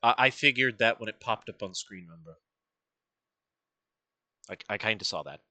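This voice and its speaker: A man streaming a reaction, rambling and excitable, full of fillers and restarts. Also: fairly low pitch, normal speed. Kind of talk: casual reaction commentary.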